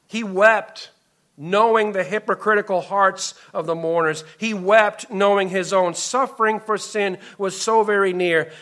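A man preaching from the pulpit in a high, bright voice. He is impassioned, rising to loud emphasis and then dropping to near-hushed pleading. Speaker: pastor. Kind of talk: sermon.

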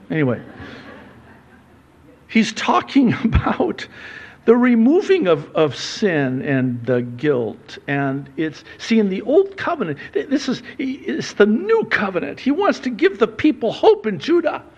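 A man, a pastor, preaching a conversational sermon that swings from soft, low asides to loud, emphatic questions. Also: vocal fry, muffled recording.

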